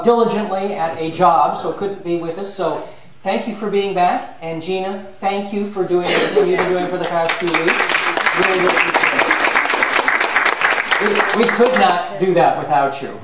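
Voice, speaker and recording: A man leading a spiritual fellowship gathering in a chatty, jokey way, recorded from far off in a large room with an audience. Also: sits high. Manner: chatty, jokey, self-mocking. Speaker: service leader. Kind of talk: casual joke-telling to a congregation. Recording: very echoey hall from far off. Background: audience laughing.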